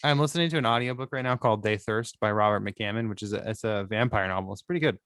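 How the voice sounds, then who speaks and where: A man's voice: lowish voice, fast talker, fairly bright tone, no room sound, clean studio sound. A man co-hosting a podcast, chatting in a laid-back way and then reading his own novel aloud. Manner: laid-back, swears, laughs often. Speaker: podcast co-host and author.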